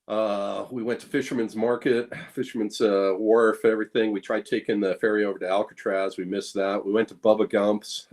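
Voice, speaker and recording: His voice is fairly low and darkish as the visiting blacksmith rambles through relaxed anecdotes, restarting sentences and leaning on fillers. Quoted lines get acted out in a playful way.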